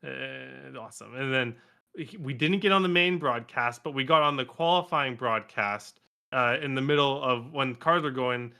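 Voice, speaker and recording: Bright-voiced, animated male podcast guest. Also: mid-range voice, normal speed, clean tone. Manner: animated, acts out other people's lines in the story. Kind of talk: casual storytelling chat.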